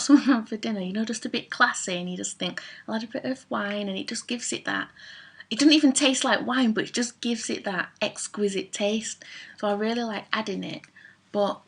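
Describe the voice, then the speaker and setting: A woman's voice: on the high side, gravelly, breathy edge. A woman vlogging in a chatty, rambling, self-mocking way about favourite products. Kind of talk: casual chat to camera.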